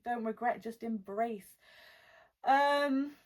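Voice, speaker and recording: A young adult woman rapper, her voice a little high, answers fan questions in a casual Q&A vlog. Born in Wales and living in the West Midlands, she has a mixed British accent with Welsh roots plus West Midlands and London touches. She's chatty, blunt and slangy, and reads the questions aloud slowly.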